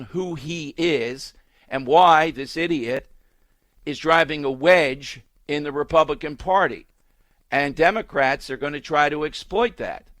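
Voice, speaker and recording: A man's voice: a little high, fairly bright tone, no echo. A man hosting a political talk radio show, speaking emphatically and scornfully, hammering his points with repetition.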